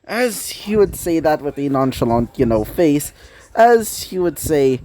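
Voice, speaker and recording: A man's voice: a little high, big pitch swings, measured pace, darkish tone, dry recording. A man narrating a fan-fiction story in a rambling way, full of fillers and self-corrections.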